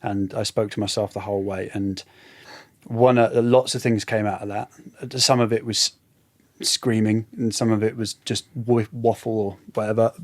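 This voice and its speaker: A man, a podcast guest talking reflectively and haltingly, often trailing off. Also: on the low side, flat delivery. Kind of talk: casual conversation.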